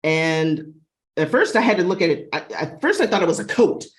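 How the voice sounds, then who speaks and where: A woman's voice: on the low side, big pitch swings, fairly quick. A woman librarian giving a chatty, enthusiastic booktalk on a video call webinar. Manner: enthusiastic, chatty, acts out dog sounds.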